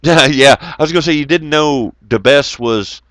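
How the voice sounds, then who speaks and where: A man's voice: a little high, normal speed, a bit bright, dry recording. A man, telling rambling, profane road stories to his viewers in a loose, joking way. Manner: profane, rambling, jokey, greets chat viewers. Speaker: channel host. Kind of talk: casual rambling storytelling to viewers.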